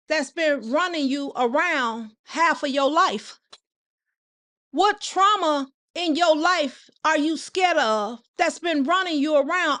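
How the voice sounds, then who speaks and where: Very high-voiced woman preaching slowly. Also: a bit bright. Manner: repeats phrases and asks listeners rhetorical questions; greets viewers by name while preaching. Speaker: host and preacher. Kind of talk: preaching on a live stream.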